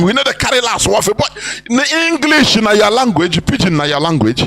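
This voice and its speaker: High-voiced Nigerian man exhorting listeners. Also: sing-song, normal speed, a bit bright, faint music behind. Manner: preachy, exhorting, repeats phrases, slips into pidgin and Igbo. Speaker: broadcast speaker. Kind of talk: impassioned live broadcast talk.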